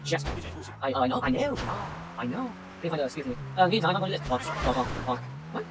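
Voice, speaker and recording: A man giving let's-play commentary while he plays, foul-mouthed and quick to rage. His voice jumps around wildly in pitch, flipping from shouted outbursts to quiet grumbling. A faint hiss of noise sits under his voice. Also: sing-song. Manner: profane, swings from rage-filled yelling to muttering. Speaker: gamer playing a taxi driver.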